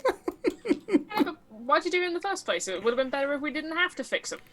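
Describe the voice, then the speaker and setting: A woman's voice: sits high, sing-song, fairly quick, faint music behind. A woman playing a tabletop game, with a dry, teasing way of talking. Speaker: player. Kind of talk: tabletop role-play chat.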